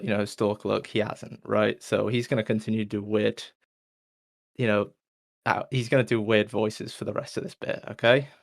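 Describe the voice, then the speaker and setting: A man's voice: lowish voice, vocal fry. A man hosting a podcast, telling a long rambling joke in a loose, casual way and filling it with whooshing sound effects. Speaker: podcast host. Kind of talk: rambling comedic storytelling.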